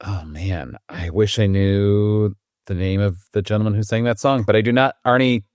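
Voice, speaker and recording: A man competing in a trivia game, joking and thinking out loud. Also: lowish voice, moderate pace, clean tone, no room sound, studio quality. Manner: jokey, thinks aloud. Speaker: trivia contestant. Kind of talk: casual game-show banter.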